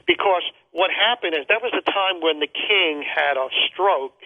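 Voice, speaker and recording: A man tells a long personal story as an interview guest, stopping and restarting often and filling gaps with ums. His voice sits a bit high for a man. It comes through a thin, tinny phone line. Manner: rambling, halting, repeats words and fillers. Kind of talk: telling a personal travel story. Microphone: phone call.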